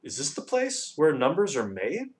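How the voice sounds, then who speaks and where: A man's voice: fairly high pitch, huge pitch swings, moderate pace, voice pushed up. A man voicing a curious, unsure young boy in a storybook reading, hesitant and stammering.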